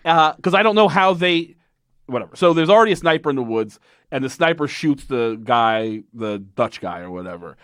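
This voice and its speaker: A man's voice: medium pitch, normal speed, smooth, dry recording, studio quality. A man hosting a podcast, recapping an old TV show in a casual, sarcastic and profane way. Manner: animated, profane, sarcastic retelling. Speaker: podcast host. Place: podcast studio.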